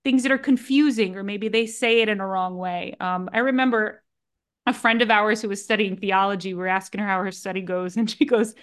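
A woman's voice: medium pitch, steady tone, fairly quick, clean tone. A woman on a discussion panel, earnest and conversational, giving friendly practical advice. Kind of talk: casual discussion.

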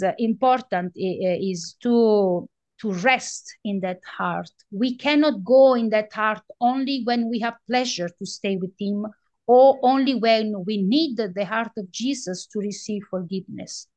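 Halting woman reading a devotional prayer. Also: mid-range voice, darkish tone. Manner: halting, searching for words. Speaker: prayer group member.

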